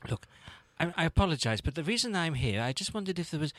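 A man's voice: a little high, very animated, fast, fairly bright tone, dry recording. A man doing an apologetic polite traveler. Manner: apologetic, hesitant, stammering. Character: overly polite lost male traveler. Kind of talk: improvised comedy sketch.

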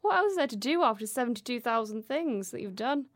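A chatty woman with a fairly high voice and a gravelly edge, giggling her way through a run of facts. She talks in a relaxed podcast chat over a remote call, and her voice sounds close and dry. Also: fast talker, dry recording. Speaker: podcast co-host presenting researched facts. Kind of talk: casual chat.

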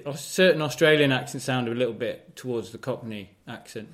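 A man's voice: medium pitch, brisk, a bit bright. A man co-hosting a podcast, chatting casually with wry, dry remarks. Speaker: podcast co-host. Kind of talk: casual chat.

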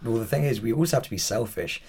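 A man in his thirties with an English accent, a podcast guest telling animated stories in casual chat and swearing freely. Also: mid-range voice, fast, vocal fry, slight background noise.

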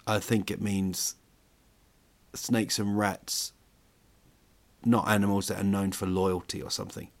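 Male podcast host, lowish voice, loose jokey rambling delivery. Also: flat delivery, measured pace, pauses often. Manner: chatty, jokey, rambling with fillers. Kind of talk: casual monologue.

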